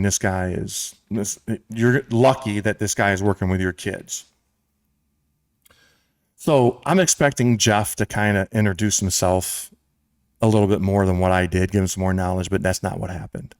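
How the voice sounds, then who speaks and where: An American man hosting a casual sports talk show, telling a long story with lively quoted voices. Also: lowish voice, no echo, studio quality. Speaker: show host and club president. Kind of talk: storytelling in casual podcast chat.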